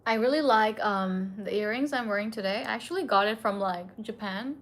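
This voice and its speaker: A woman's voice: mid-range voice, brisk, a bit bright. A young woman streaming late at night, a bit tipsy and emotional, tearfully answering her chat in casual talk.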